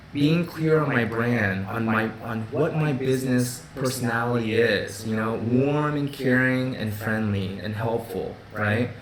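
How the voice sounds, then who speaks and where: Hosting a live Q&A stream from his office, this man has a mid-range voice captured in a rough, reverberant recording. His casual livestream talk is full of restarts and repeated "you know" and "right?".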